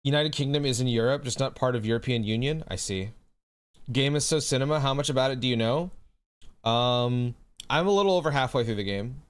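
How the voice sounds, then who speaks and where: A male streamer chatting casually with his viewers in a relaxed way. He swears freely and calls people bro. His voice sits at an ordinary middle pitch for a man. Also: fairly quick. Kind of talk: casual chat with a live audience.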